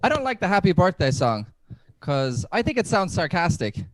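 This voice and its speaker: A man's voice: sits high, sing-song, a little fast, dry recording. Man doing stand-up at home, dry sound. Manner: chatty, laughs at his own jokes. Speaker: stand-up comedian. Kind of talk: stand-up set over a video call. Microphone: video call.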